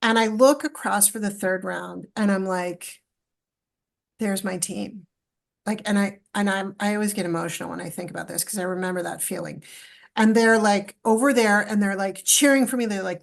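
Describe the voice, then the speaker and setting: A middle-aged Canadian woman tells her story as a podcast guest, with a gravelly, fry-tinged voice at an ordinary pitch. She gets animated and emotional and acts out what people said. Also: moderate pace. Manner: animated, acts out quoted dialogue, emotional retelling. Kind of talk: storytelling in a casual interview.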